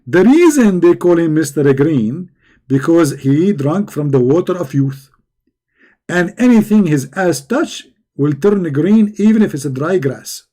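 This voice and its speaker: Combative, mocking man with a mellow voice. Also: on the high side, animated, a little slow. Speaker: religious debate host. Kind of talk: live online debate commentary.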